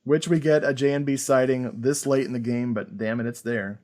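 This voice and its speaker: A man hosting a podcast, chatting casually about an old film, animated and full of fillers and laughter. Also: mid-range voice, normal speed. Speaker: podcast host. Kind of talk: casual film review chat.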